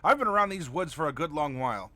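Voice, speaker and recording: A woman's voice: sits low, lively intonation, fast talker, pushed and bright. A man voicing a stern, scolding old grandmother who has lived in the woods a long time. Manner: scolding, commanding.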